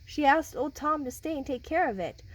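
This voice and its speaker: A woman's voice: high-pitched, normal speed, poor audio. A woman reading a children's picture book aloud and chatting with the kids who listen. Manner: animated, talks with listening children. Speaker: storybook reader.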